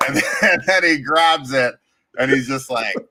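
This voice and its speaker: A man co-hosting a casual movie review podcast, swearing and acting out characters in quick impressions. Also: medium pitch, pushed and bright, slight background noise. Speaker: podcast co-host.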